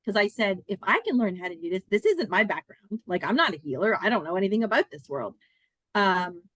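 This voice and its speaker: A woman in her fifties, a podcast guest, telling a personal story in an earnest, animated, chatty way with many fillers. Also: medium pitch, fairly quick, dry recording.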